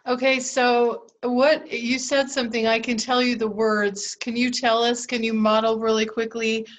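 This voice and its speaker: A woman interviewing a guest, asking measured follow-up questions. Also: fairly high pitch, level tone. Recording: faint background noise.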